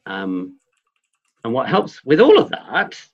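A man explaining ideas in a thoughtful, reflective conversational way, often pausing with ums and restarting his sentences. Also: mid-range voice, wildly swooping pitch, breathy edge. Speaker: guest, forest school trainer. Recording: dull lo-fi audio.

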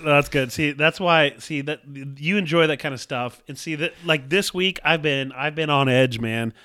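Podcast co-host, male, excitable storyteller, forceful and fairly high voice, dry close recording. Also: normal speed, clean tone, no echo. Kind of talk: casual chat.

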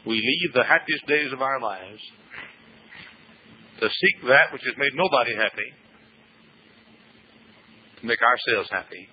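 A man preaching a sermon with drawn-out pauses and sudden rises in force. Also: medium pitch, lively intonation, lo-fi sound, a little hiss or hum.

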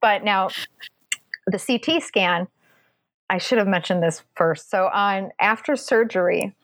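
A woman casually telling a personal story, animated and acting out the voices of the people in it. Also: measured pace, no room sound. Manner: animated, acts out quoted voices with pitch jumps.

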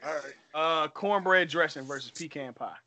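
A man's voice: on the high side, moderate pace, sharp tone, dry recording. A man hosting a casual group debate about food, rambling and trailing off into fillers as he explains.

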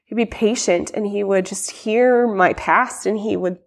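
A woman's voice: medium pitch, measured pace, creaky. A young adult woman telling her personal story in a podcast interview, rambling with many fillers and restarts and acting out quoted lines. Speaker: guest sharing her testimony.

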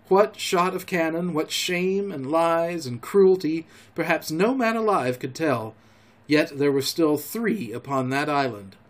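A man, a podcast storyteller, reading a classic adventure novel aloud in a measured, expressive way. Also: fairly high pitch.

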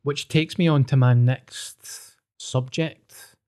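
A man's voice: medium pitch, fairly even intonation, slow, darkish tone. A man with a Glaswegian Scottish accent hosting a podcast, blunt and jokey, swearing freely in casual chat. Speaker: podcast host.

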